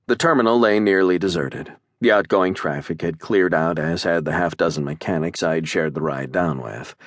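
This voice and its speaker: A man narrating an audiobook in the first person, measured and even, on a close studio mic. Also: deep voice, no room sound.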